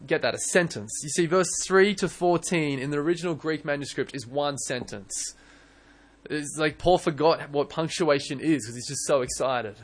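A young man preaching a sermon in church, earnest and animated, often restarting his words. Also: a little high, moderate pace. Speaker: pastor.

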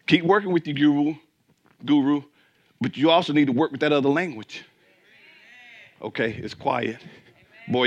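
A man preaching a sermon as pastor, swinging between emphatic peaks and quiet asides and asking the congregation questions. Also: medium pitch, highs cut off.

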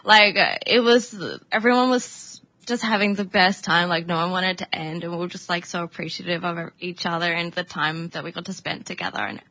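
Bright, enthusiastic woman co-host. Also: on the low side, fairly even intonation, a little fast, few pauses, dry recording. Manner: enthusiastic, gushing. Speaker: community show co-host. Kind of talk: casual chat.

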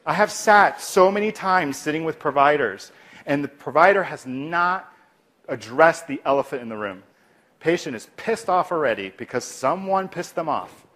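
Animated man teaching de-escalation. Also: on the high side. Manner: animated, acts out calm soft replies. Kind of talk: instructional talk.

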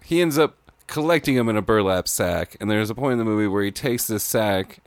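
A man's voice: fairly low pitch, fairly quick, dry recording. Dry-sounding man retelling a movie scene. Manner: profane, laughing storyteller. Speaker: podcast co-host. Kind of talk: casual movie discussion.

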